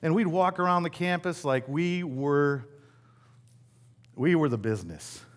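A man's voice: a little high, lively intonation, measured pace. A middle-aged man from West Michigan preaching a sermon in a conversational, self-deprecating way, asking the congregation rhetorical questions. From West Michigan, USA. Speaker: pastor.

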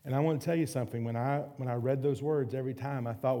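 A middle-aged man preaching a sermon, earnest, slowing down and going soft to drive points home. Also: medium pitch, steady tone. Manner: earnest, slows and softens for emphasis. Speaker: pastor.

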